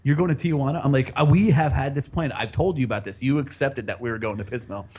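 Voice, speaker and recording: A man's voice: mid-range voice, quick pace, darkish tone, husky. A man casually telling a long personal story on a podcast, rambling, laughing often and swearing freely.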